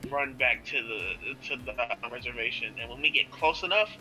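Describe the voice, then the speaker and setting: A man's voice: mid-range voice, animated, moderate pace, bright, forceful tone, soft background music, low-quality recording. A man playing in a tabletop role-playing game, laid-back and laughing, with casual swearing. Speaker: player.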